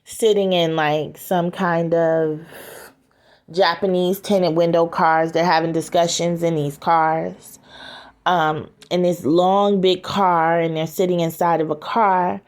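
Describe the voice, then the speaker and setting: A woman's voice: fairly low pitch, flat delivery. A woman retelling a story scene by scene, hurrying through quoted back-and-forth dialogue and linking each line with "and he said". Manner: quick, chains quoted dialogue with "and he said".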